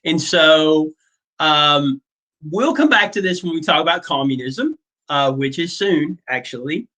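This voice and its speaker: A man's voice: on the high side, animated, measured pace, sharp tone, low-quality recording. A male teacher giving a casual classroom lecture, chatty and full of fillers, often checking in with "okay?".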